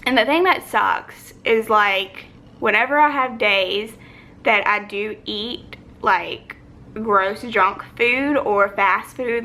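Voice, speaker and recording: Sitting on the floor at home, a young woman records a casual personal vlog on a phone or camera with a low battery. Her medium-pitched voice is pushed and bright as she rambles reflectively, saying "like" a lot.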